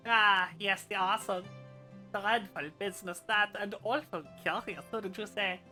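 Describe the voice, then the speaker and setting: A woman's voice: medium pitch, fairly even intonation, moderate pace, sharp tone, faint music behind, lightly acted. A woman voicing a flirtatious, gossipy male noble with a plummy upper-class drawl while reading game dialogue aloud. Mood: teasing.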